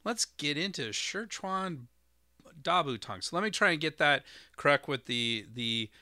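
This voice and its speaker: A man hosting an educational podcast, explaining terms in a relaxed, meandering way with frequent fillers. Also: on the high side, measured pace, no room sound, studio quality. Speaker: podcast host.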